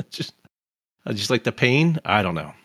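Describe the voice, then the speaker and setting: Bright-voiced, rambling podcast host man. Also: lowish voice, big pitch swings, measured pace, slightly rough, dry recording, clean studio sound. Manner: rambling, self-mocking, laughs often. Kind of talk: casual podcast chat.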